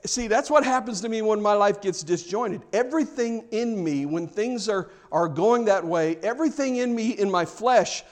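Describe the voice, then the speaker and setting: High-voiced preacher, conversational and fervent. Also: male voice, lively intonation, moderate pace, few pauses. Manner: conversational, rising to fervent emphasis; jokes with the congregation. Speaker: pastor. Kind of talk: sermon.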